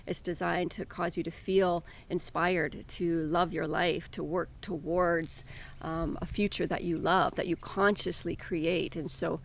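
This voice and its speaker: A woman's voice: fairly low pitch, steady tone, unhurried, gravelly. A woman life coach co-hosting a podcast, explaining ideas in an earnest, encouraging way. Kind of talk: casual conversational podcast.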